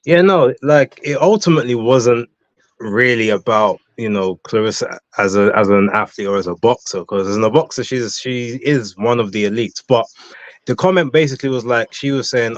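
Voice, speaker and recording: A man's voice: mid-range voice, moderate pace, dry recording. A man appearing as a guest on a casual live-stream chat, giving blunt, opinionated takes in a self-assured way. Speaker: guest boxing commentator. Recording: dull, dry lo-fi audio.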